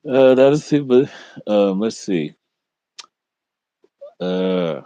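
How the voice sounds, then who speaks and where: A man co-hosting a casual talk podcast, halting and retelling everything with "I said". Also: on the low side, lively intonation, mellow, no room sound, muffled recording. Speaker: co-host. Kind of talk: casual chat.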